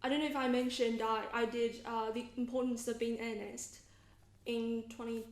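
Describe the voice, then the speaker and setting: A young woman with a light British-Australian tinge to her accent, chatting as a podcast guest, halting with fillers and restarts. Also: fairly high pitch, flat delivery, roomy sound. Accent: mixed British and Australian tinge. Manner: hesitant, many fillers and restarts. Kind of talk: casual podcast interview.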